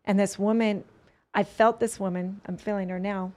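A woman's voice: medium pitch, steady tone, moderate pace, darkish tone. A woman guest on a podcast, telling a personal story earnestly, rambling and restarting her sentences often.

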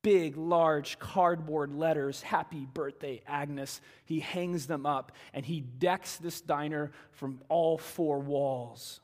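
A male pastor preaching a sermon, telling a story with animated delivery that swings from hushed to loud and emphatic. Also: fairly high pitch, takes it slowly, hardly any pauses. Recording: reverberant church hall.

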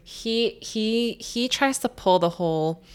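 A woman's voice: fairly high pitch, takes it slowly, smooth. A young woman telling a story in casual chat, rambling with many filler words.

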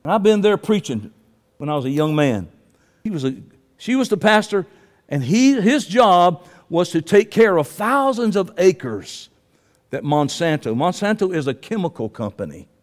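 A man preaches in a rambling, impassioned way, at times rising to shouts. His voice sits high for a man. The sound rings with the long reverb of a large hall. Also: big pitch swings, moderate pace. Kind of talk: sermon.

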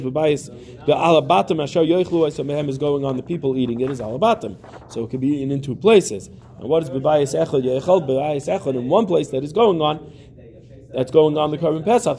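Male teacher, dark gravelly voice, reads a line then explains it, repeats phrases as he goes. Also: on the high side. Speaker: Talmud teacher. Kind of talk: Talmud lesson.

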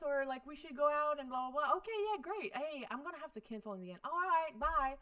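Podcast co-host, woman, fairly high voice, profane and exasperated recapper. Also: a little fast, few pauses, pushed and bright. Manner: profane, exasperated, mimics characters. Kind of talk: casual chat recapping a show.

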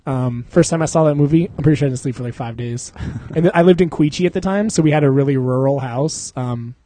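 A man's voice: mid-range voice, fast, dark tone. A young man co-hosting a podcast in casual chat, rambling, slangy and laughing often. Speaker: podcast co-host.

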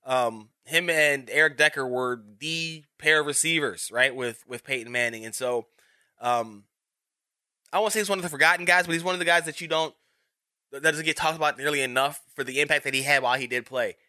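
A man's voice: on the high side, fairly even intonation, brisk, pushed and bright, dry recording, clean studio sound. A man in his thirties giving casual, rambling sports commentary as a podcast host, with frequent restarts and fillers. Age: 30s.

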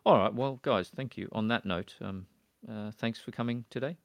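A man's voice: medium pitch, moderate pace, creaky, no echo, studio quality. A man hosting a casual film podcast, chatting in an easygoing, rambling way. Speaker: podcast host.

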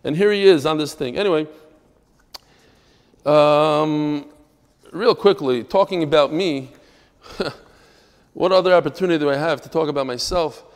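A man teaching a daily Talmud class as a rabbi, telling stories and explaining texts in an animated, emphatic way with quick asides. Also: fairly high pitch, clean tone, in a large hall. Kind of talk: lively storytelling and teaching.

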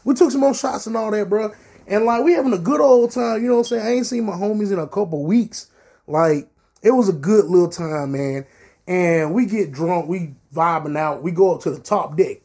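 A man's voice: high-pitched, normal speed. Profane young man telling a bar story. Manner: animated, profane, slangy storytelling. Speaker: podcast host. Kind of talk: casual storytelling.

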